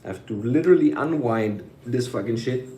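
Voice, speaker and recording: A man's voice: mid-range voice, animated, a little fast, warm tone. A man in a casual, rambling vlog monologue, swearing freely and dropping German phrases. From United States. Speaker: vlogger. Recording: echoey room.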